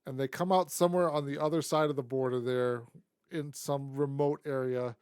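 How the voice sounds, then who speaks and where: A man's voice: medium pitch, steady tone, normal speed, a little mellow, clean tone, dry recording, studio quality. Man loosely recapping on a podcast. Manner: loose recapping, self-correcting. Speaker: podcast co-host. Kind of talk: casual chat.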